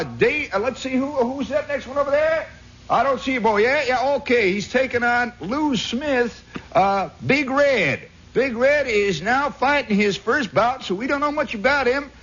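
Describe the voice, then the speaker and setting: Man voicing a loud folksy cockfight announcer, high twangy drawl, dull old radio sound. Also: full character voice.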